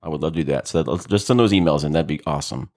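A man's voice: extremely low pitch, racing, darkish tone. A man co-hosting a casual podcast who laughs often and stumbles over his words. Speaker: podcast co-host.

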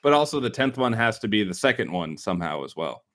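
A man's voice: on the low side, big pitch swings, fast, a bit bright. A man with a Chicago accent hosting a podcast in casual, rambling chat with frequent fillers. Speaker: podcast host.

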